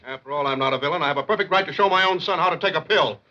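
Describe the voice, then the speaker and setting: A man playing a loud, bossy middle-aged father in a 1950s film comedy, on a lo-fi old soundtrack. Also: fairly high pitch, rapid-fire. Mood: blustering.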